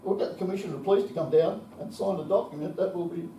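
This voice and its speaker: At a conference, an Australian man in his seventies tells anecdotes peppered with salty swearing and chuckles. His high, warm voice moves at a quick pace. The distant mic in the echoey hall picks up a little hiss or hum.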